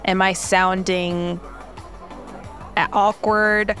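A woman's voice: mid-range voice, level tone, very slow, fairly bright tone. Young Korean-born woman, light accent, chatty founder interview, mid-range voice, faint music bed. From South Korea. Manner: chatty, many fillers, laughs often. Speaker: startup founder, interview guest. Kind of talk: casual interview talk.

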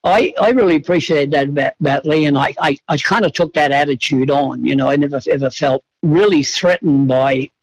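A man's voice: fairly high pitch, no echo, lo-fi sound. A man, a horse trainer being interviewed, talking reflectively with frequent restarts and fillers. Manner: halting, many restarts and fillers.

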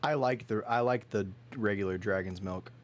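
A man hosting a casual beer tasting chat, joking and easily excited. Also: fairly low pitch, moderate pace. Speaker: host.

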